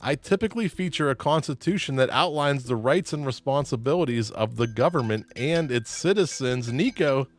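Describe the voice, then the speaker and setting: A man's voice: medium pitch, animated, moderate pace, hardly any pauses, faint music behind. A man hosting a trivia game show, reading clues and joking playfully with the players, laughing often.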